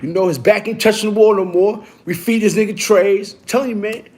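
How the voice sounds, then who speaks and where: High-pitched male storyteller, loose and profane, full of restarts. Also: a little fast, a little hiss or hum. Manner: animated, profane street talk with many restarts and repeats. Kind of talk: casual storytelling to camera.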